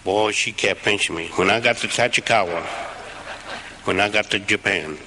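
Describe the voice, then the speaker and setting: Low, forceful middle-aged man. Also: moderate pace, a little hiss or hum, low-quality recording. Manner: earnest, plain-spoken, heartfelt. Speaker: veteran speaker. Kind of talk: recorded speech retelling a war story.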